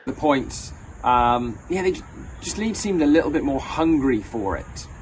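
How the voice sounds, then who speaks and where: A man's voice: mid-range voice, lively intonation, unhurried, slight background noise, poor audio. A man giving a hesitant fan match review, full of fillers. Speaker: fan contributor.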